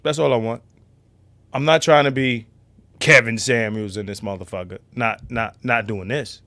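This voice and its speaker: A man hosting a casual livestream, loud and profane, now and then dropping to a low mutter. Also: fairly even intonation, normal speed, dry recording. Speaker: livestream host.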